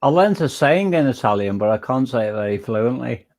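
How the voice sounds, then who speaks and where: An Englishman hosting a casual online voice chat, rambling with halting restarts. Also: mid-range voice, lively intonation, a little mellow. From England. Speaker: chat host.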